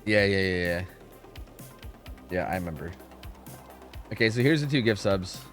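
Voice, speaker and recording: A man's voice: on the low side, normal speed, soft background music. A man hosting a live game stream, chatting casually and explaining match rules with lots of fillers. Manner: animated, rambling, full of fillers.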